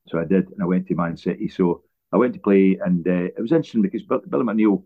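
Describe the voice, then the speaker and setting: Low-voiced Scottish man on a tinny line. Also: fast talker. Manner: rambling anecdotes with frequent restarts. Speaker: interview guest, former footballer. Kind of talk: relaxed storytelling interview.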